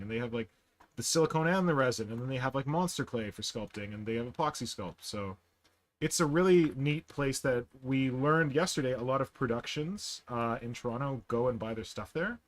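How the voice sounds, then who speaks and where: A man hosting a casual video-call chat, telling stories in a chatty, animated way. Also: medium pitch. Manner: chatty, animated storyteller with quick asides. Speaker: podcast host. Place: in Toronto.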